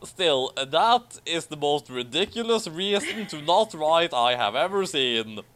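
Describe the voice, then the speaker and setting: A man's voice: on the high side, big pitch swings, unhurried, a bit bright. A man doing a comedic reading of a fan story with commentary, theatrical and hammy, laughing often. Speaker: fanfiction reader and commentator.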